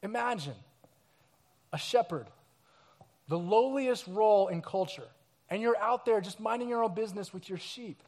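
High-voiced storytelling pastor, a man. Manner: storytelling, animated, acts out scenes and quotes. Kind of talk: sermon.

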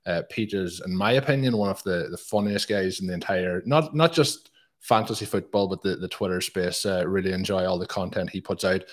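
A man's voice: low voice, fairly quick. A man hosting a podcast, chatty and full of fillers as he plugs the show. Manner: chatty, plugging with many fillers. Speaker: podcast host. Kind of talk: casual podcast chat.

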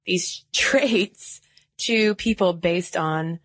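A woman's voice: lowish voice, very slow, a bit bright, dry recording. Woman podcast host, dry close sound. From Southern United States. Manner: explanatory, quotes research, laughs easily. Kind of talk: casual podcast chat.

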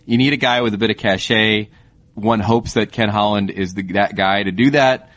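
A man co-hosting a podcast, talking in a quick, wry, joking manner. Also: on the low side, steady tone, fairly bright tone, no room sound. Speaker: podcast co-host. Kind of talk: casual podcast chat.

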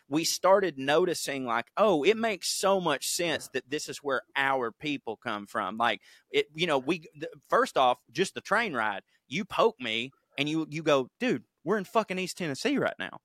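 A man's voice: on the high side, expressive, fairly bright tone, no echo, clean studio sound. A man with a Southern US accent, co-hosting a podcast, telling stories in casual chat with lots of swearing. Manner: profane, storytelling, quick bursts. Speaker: podcast co-host.

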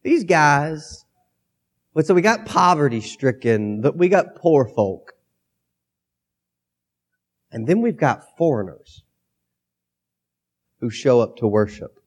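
A pastor with a cold preaching a sermon into a microphone, reading scripture aloud and then talking it through in a conversational way. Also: male voice, a little high, big pitch swings, takes it slowly, long pauses, slightly rough. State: has a cold, coughing.

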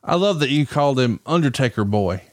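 A man's voice: mid-range voice, animated, fairly quick, dry recording, clean studio sound. A man hosting a podcast interview, enthusiastically setting up clips and asking questions. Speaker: podcast host. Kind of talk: casual interview chat.

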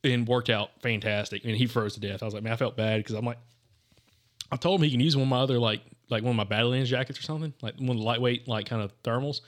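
A man's voice: mid-range voice, fast talker. Rambling storytelling man, casual and chatty. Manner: rambling storyteller, lots of fillers and "dude". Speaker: podcast co-host. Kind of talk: casual hunting chat.

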